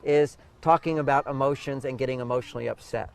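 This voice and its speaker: A man giving relationship advice in a casual outdoor interview, animated and acting out the voices he quotes. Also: medium pitch, quick pace, creaky, rough recording. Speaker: interview guest, relationship advisor.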